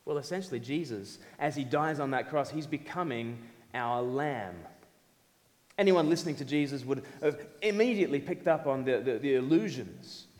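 A man preaching a sermon in an animated, emphatic way, acting out quotes. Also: mid-range voice, normal speed. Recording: long hall reverb.

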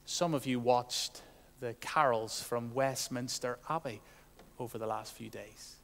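A man preaching a sermon, earnest, swinging from loud proclamation to soft, hushed asides. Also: medium pitch, a little slow, vocal fry, in a large hall.

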